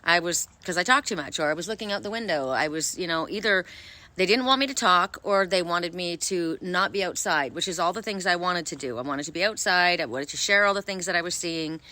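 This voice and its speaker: A woman's voice: on the low side, pushed and bright. A woman oracle card reader chatting casually to camera while sitting outdoors on the grass, talkative and effervescent. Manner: talkative, bubbly, quick and effervescent.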